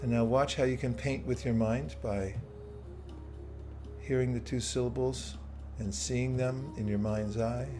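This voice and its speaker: A man teaching bhakti yoga, guiding a slow, soothing meditation. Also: mid-range voice, fairly even intonation. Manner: slow, soothing guidance with playful asides. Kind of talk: guided meditation with live chat. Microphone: streaming setup, own audio controls. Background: soft soothing music.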